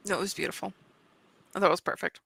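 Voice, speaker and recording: Playful woman with a bright, gravelly voice. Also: fairly low pitch, quick pace. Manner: playful, teasing. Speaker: co-host. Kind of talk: casual livestream chat.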